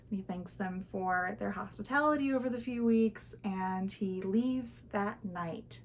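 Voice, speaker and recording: A woman's voice: mid-range voice, a little slow, few pauses. A young woman in her twenties telling a folktale in a casual, chatty way with fillers and restarts, recorded at home. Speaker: student storyteller. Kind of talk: casual oral storytelling of a folktale.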